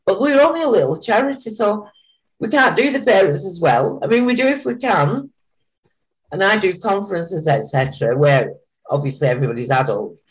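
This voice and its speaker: An older woman, speaking as a guest on an interview podcast. She is plain-spoken and chatty, and her speech swings widely in pitch at a mid height. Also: expressive, brisk, rough recording. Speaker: guest, charity founder. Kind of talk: casual interview chat.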